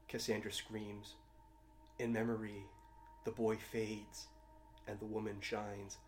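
A man reading dark fiction aloud in a measured, grave delivery. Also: on the low side, level tone.

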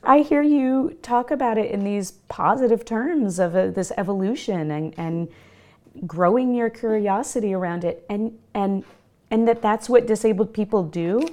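A woman's voice: medium pitch, normal speed, darkish tone. A woman hosting a podcast interview, engaged and asking probing questions. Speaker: podcast host. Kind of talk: interview conversation.

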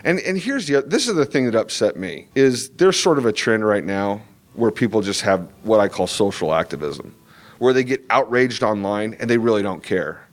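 A man's voice: on the low side, moderate pace. Rambling, emphatic male comic artist. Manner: rambling, many restarts and "you know" fillers; animated, emphatic asides. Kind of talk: convention interview chat.

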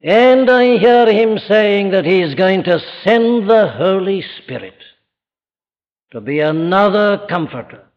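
A man's voice: sits high, animated, slow pace. A man with a Welsh accent preaching a sermon in an emphatic manner that rises to impassioned cries. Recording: dull archival recording in a reverberant hall.

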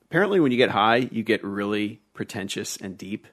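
A man with a somewhat low voice, ranting bluntly through a casual film review chat. He swears freely and sounds exasperated. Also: animated, brisk, a bit bright. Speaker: podcast co-host.

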